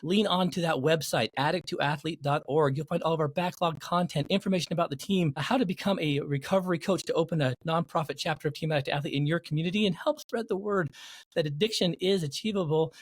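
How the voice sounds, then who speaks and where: A man's voice: fairly high pitch, quick pace, dry recording. A middle-aged man hosting a recovery podcast, introducing it with upbeat energy and interviewing a guest. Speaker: podcast host and recovery coach.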